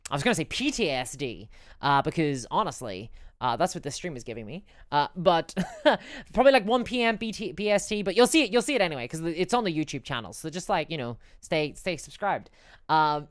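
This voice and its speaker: A woman's voice: fairly low pitch, no room sound, studio quality. A woman chatting casually on a live stream, reading out and answering chat messages, rambling and stumbling over her words.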